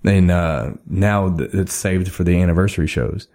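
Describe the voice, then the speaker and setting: Guy in his 30s hosting a podcast, rambling easygoing chat, low warm voice. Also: moderate pace. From Texas. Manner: rambling, laid-back, laughs often. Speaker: podcast host. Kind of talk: casual chat. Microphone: studio microphone.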